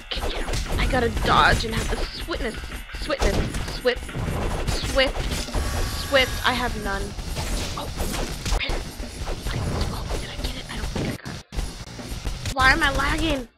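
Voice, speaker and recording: High-pitched, excitable young woman gamer. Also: normal speed. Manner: excitable, frantic bursts of yelling and laughter. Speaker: gaming let's-player. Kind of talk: live gameplay commentary. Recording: loud game music behind the voice. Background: game music.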